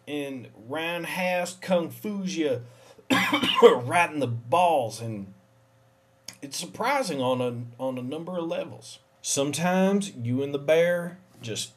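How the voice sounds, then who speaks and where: A man telling a rambling comic monologue in a deadpan way, acting out both sides with sudden shouts. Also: a little high, slow pace, slightly rough. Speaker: comedic monologue performer.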